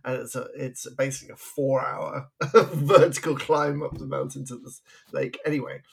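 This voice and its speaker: A man's voice: medium pitch, little pitch movement, normal speed, vocal fry, husky. A man, co-hosting a podcast, telling stories in a chatty way and laughing often. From England. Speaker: podcast co-host. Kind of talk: casual podcast chat.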